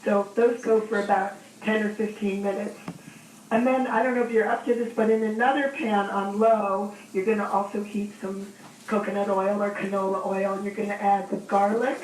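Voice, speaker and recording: A woman chef and cookbook author with a hoarse, gravelly voice from a cold, calmly guiding a cooking demo step by step over the phone, with many ums. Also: medium pitch, moderate pace. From Maine. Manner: explains steps warmly in detail, with ums. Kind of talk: casual instructional chat. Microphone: phone line. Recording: echoey, distant, faint noise.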